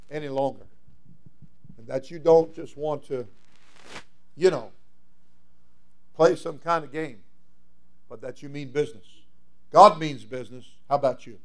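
Fervent preaching man, higher pitch. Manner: fervent preaching, swinging from loud cries to hushed asides. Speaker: pastor. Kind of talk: sermon.

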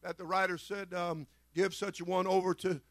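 A man preaches a fervent church sermon in a strikingly high voice. He drives his points home by repeating short phrases and punctuating them with amens. The recording is dry and close, with almost no room sound. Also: flat delivery, normal speed, fairly bright tone, no echo. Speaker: pastor.

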